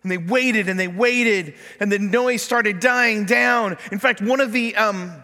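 Man, pastor, storytelling sermon, high voice, long hall reverb. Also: measured pace, pushed and bright. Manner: storytelling, acts out voices in quotes. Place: church sanctuary.

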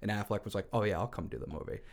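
A man's voice: lowish voice, very fast, creaky. A man co-hosting a casual podcast, chatty and joking, telling stories about film news. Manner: animated, joking, chatty storyteller. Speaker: podcast co-host. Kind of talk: casual chat.

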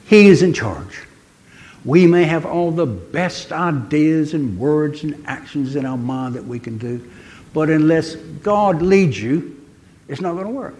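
An older man preaching a sermon in an earnest way, pausing often and slowing down to stress key words. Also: on the high side, lively intonation, a little mellow. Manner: earnest, pausing, slows for emphasis.

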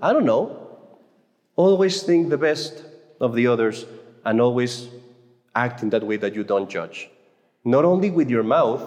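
Mid-range and slightly mellow, his voice fills an echoey hall with lingering reverb. He's delivering an informal, jokey faith talk to a conference of Catholic mothers, frequently stammering before restarting.

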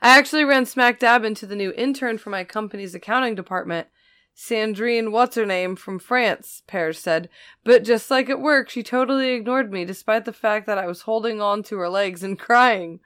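A woman's voice: mid-range voice, moderate pace, fairly bright tone, clean tone, no echo, clean studio sound. A woman reading a news article aloud and chatting about it with a co-host, delivering quotes matter-of-factly.

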